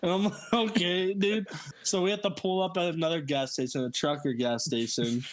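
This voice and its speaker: A young man casually telling a story on a podcast, animated and laughing, jumping into squeaky high voices for quotes. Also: a little fast. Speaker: podcast co-host.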